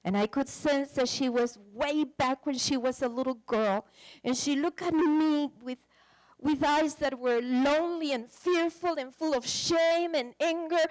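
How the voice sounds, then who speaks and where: A woman's voice: high voice, measured pace, a little mellow, dry recording. A woman preaching a sermon, telling a counseling story in an emotive, dramatic way.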